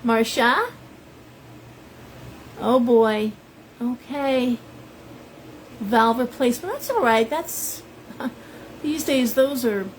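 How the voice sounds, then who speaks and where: A woman's voice: a little high, slight background noise, poor audio. A middle-aged woman, a shop owner, chatting casually on a live stream and greeting viewers by name. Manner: chatty, rambling, reads out viewer names.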